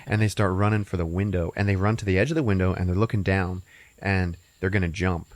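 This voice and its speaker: A man hosting a podcast, casually recapping a movie's plot with lots of profanity and laughter, jumping into squeaky put-on voices for the characters. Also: a little fast, dry recording. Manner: profane, laughing, animated storytelling. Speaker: podcast host.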